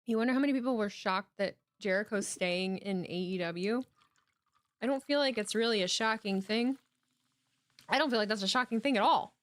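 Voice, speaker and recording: A woman's voice: medium pitch, no echo. A woman hosting a live watch-along stream, chatting playfully with her viewers and teasing them. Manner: playful, teasing, talks to her chat as "my darlings". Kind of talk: casual live-stream chat. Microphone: headphones with desk mic.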